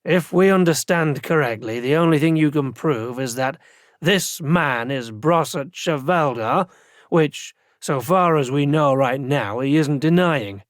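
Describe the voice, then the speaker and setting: A man voicing a blunt, practical male watch captain in an audiobook, slow and deliberate. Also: on the high side, dry recording, studio quality, lightly acted. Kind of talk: audiobook character voice.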